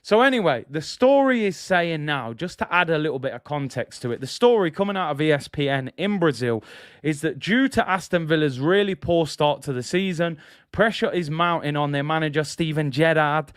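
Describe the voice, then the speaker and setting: Male streamer, chatty and slangy, slightly high, clean dry sound. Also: expressive, normal speed, smooth, no echo. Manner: chatty, slangy, laughs at own jokes. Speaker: football channel host. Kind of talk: casual fan commentary livestream.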